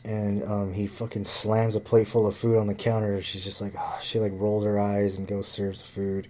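A man with a fairly low, mellow voice tells a rambling story in a loose, casual way. He swears constantly and fills his sentences with "like" and "you know." It is relaxed, unscripted vlog talk. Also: normal speed. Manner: profane, rambling, lots of fillers.

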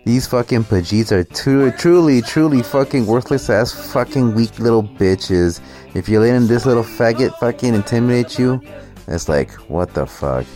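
A man's voice: mid-range voice, moderate pace, warm tone, soft background music. A man doing profane, mocking commentary over a video clip, with a sneering, swearing manner.

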